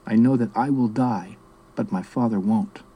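A man reading aloud as a serious, formal young boy with a gruff little voice. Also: lowish voice, normal speed, mellow, rough recording. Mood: solemn.

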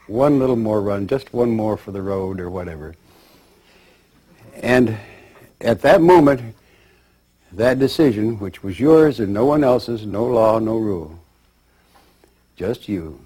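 Husky-voiced man giving a rambling lecture. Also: lowish voice, dark tone. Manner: measured, rambling storytelling. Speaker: speaker. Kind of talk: spiritual lecture.

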